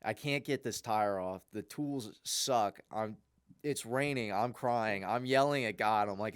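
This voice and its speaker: A young man, a podcast co-host, telling a long, rambling story in a casual, animated way. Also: medium pitch, unhurried, clean tone, no room sound, studio quality.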